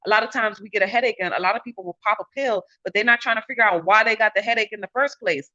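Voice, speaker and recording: Bright-voiced woman telling a wild story. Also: mid-range voice, rapid-fire, lo-fi sound. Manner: animated, swearing, slangy. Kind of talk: casual spiritual storytelling.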